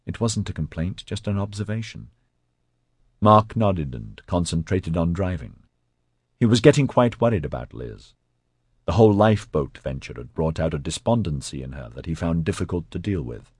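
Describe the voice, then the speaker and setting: Deep husky male audiobook narrator. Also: expressive, moderate pace, a little mellow, no room sound, clean studio sound. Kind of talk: scripted narration.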